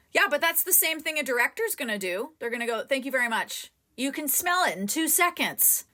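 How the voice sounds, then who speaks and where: A woman acting coach leading a live coaching session, talking straight to a student in an animated way. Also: sits high, moderate pace. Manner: animated, talks directly to a student.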